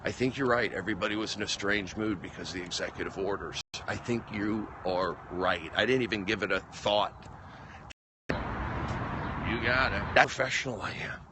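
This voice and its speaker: A man's voice: on the low side, normal speed, background noise. A man, a comedian, telling a story on a casual phone livestream, rambling and restarting his sentences, and getting worked up. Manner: rambling, repeats himself, restarts phrases; gets worked up and loud.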